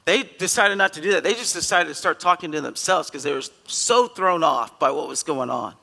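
Gravelly-voiced man preaching in a reverberant church. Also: a little high, fairly quick. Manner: earnest, emphatic, with sudden loud bursts. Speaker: pastor. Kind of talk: conversational sermon. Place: church sanctuary.

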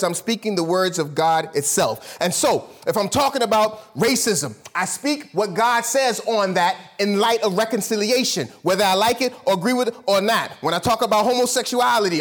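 A pastor preaching a sermon to his church, swinging from loud, high bursts down to low murmurs.

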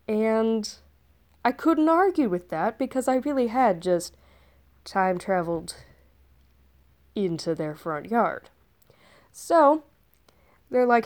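A woman's voice: medium pitch, lively intonation, a little slow, a little mellow. A woman telling a rambling story in character as a time traveler, chatty and casual, with sarcastic asides.

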